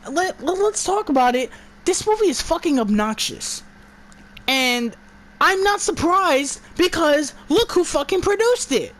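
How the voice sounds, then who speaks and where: A woman's voice: high voice, lively intonation, measured pace, fairly bright tone. A woman giving an exasperated, profane movie review, stumbling and restarting her words as she rants.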